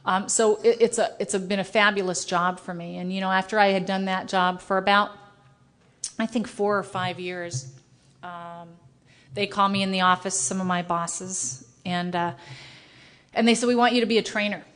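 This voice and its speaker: A middle-aged woman speaking at a recovery meeting, telling her story in an animated, self-mocking way and acting out the dialogue. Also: mid-range voice, moderate pace. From United States. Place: meeting hall with a live audience.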